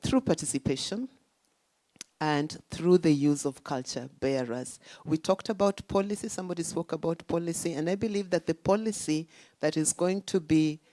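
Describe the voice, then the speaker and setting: A woman's voice: deep voice, normal speed, mellow, no room sound. A woman speaking at a symposium, lecturing with rhetorical questions and emphatic stresses. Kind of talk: academic talk. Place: conference hall.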